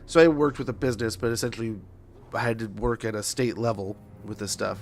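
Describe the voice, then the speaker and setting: A man's voice: on the low side, steady tone, fast, soft background music. Rambling man telling a casual story. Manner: rambling, with many restarts and self-corrections. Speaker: game streamer.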